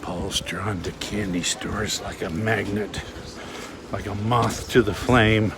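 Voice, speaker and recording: A man's voice: lowish voice, steady tone, takes it slowly, noisy background. A man hosting a casual walking vlog outdoors along a waterfront, giving chatty, joking tour-guide commentary. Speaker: vlog host.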